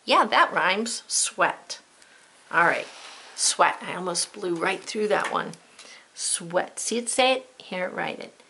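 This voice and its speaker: Woman, teacher, gravelly fry, spells letter by letter, patient, talks to kids. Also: lowish voice, expressive, slow pace, bright, forceful tone, a little hiss or hum. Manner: patient step-by-step instructions, spelling words letter by letter; addresses young learners directly with friendly checks. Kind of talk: recorded spelling lesson.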